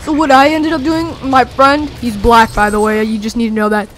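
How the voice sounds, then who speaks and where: A young teenager rambling excitedly through a story with many fillers, talking over gameplay. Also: medium pitch, normal speed, a little hiss or hum. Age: young teen. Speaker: gameplay commentator.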